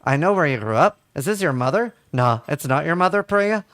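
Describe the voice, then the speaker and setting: A man's voice: fairly high pitch, animated, a little fast, a bit bright, no echo. A man doing a taunting scam-baiter. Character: menacing man taunting a phone scammer.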